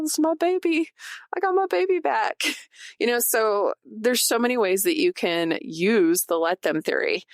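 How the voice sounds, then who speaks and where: Low-voiced woman hosting a chatty podcast. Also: no room sound, clean studio sound. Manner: chatty, addresses listeners directly, laughs often. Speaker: podcast host. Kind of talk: casual solo podcast talk; partly reading from notes.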